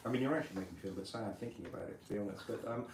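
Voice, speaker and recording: A man hosting a live podcast interview, quick and dry, teasing his guest. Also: lowish voice, a little mellow. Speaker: host. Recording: roomy live venue, distant mic, faint room noise.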